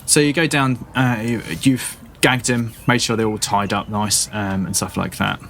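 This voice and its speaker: A man's voice: lowish voice, level tone, moderate pace, a bit bright, slight background noise. A man narrating a tabletop game as dungeon master, hesitant and full of fillers.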